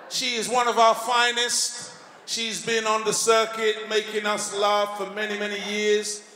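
A man's voice: fairly high pitch, noisy background. A man hosting a live comedy show, hyping up the audience and introducing acts. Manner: hyping the crowd, shouting introductions. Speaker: host. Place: large hall on stage. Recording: echoey hall with loud crowd.

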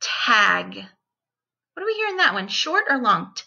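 A woman teacher giving a distance-learning phonics lesson to young children, repeating each word and sounding it out deliberately. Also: high-pitched, sing-song, bright, forceful tone, dull audio.

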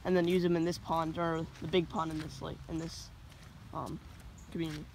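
Fishing buddy talking by a lake, gets loud and excited when a fish bites, noisy outdoor sound. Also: mid-range voice, brisk, creaky. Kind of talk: casual outdoor chat. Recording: outdoor noise behind the voice.

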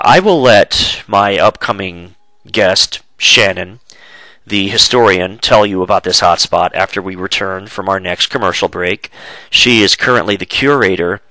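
A congested man hosts a casual web radio talk show, chatty and loose, with plenty of filler pauses. His voice is low-pitched and bright, and it sounds dry and close. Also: dry recording, low-quality recording.

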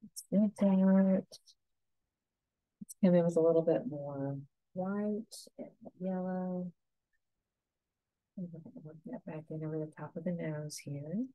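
A woman teaching a painting lesson, giving soft, unhurried step-by-step instructions. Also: fairly low pitch, steady tone, no echo, phone-quality sound.

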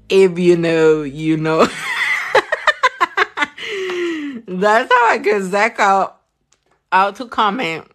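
A young woman from California chats through a nail livestream, unhurried and slightly low in pitch. She is loose and profane and keeps reading out viewer comments as she works. Her talk stays casual and friendly in tone. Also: a bit bright. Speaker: nail artist livestreaming a tutorial.

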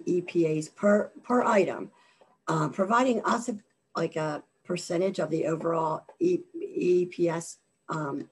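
Woman, webinar presenter, husky and low, voice worn down by allergies, hesitant delivery. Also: a little mellow. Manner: halting, many fillers and repeated words. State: losing her voice from allergies. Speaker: government contracting presenter.

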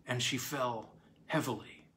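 A man's voice: steady tone, measured pace, slight background noise. Man reading a horror tale dramatically. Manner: dramatic, with sharp swings in pitch and loudness. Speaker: narrator. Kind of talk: scripted horror story reading.

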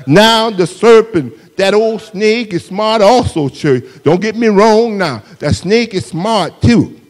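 A man preaching a sermon, slowly and steadily, repeatedly calling out to the congregation in a church sanctuary. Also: high-pitched, expressive. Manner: slow, repetitive call-outs to the congregation. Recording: long hall reverb in a church.

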